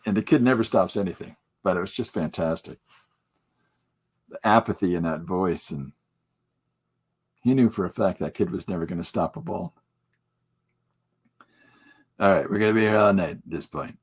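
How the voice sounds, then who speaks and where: A man's voice: sits low, normal speed, pauses often, breathy edge. A middle-aged man hosting a podcast in casual chat, rambling with many fillers and chuckling as he talks. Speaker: podcast host.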